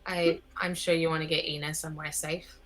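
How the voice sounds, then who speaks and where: A woman's voice: sits low, flat delivery, fairly quick, soft background music. A woman playing a tabletop game, speaking with dry, wry asides. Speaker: player. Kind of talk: tabletop role-play.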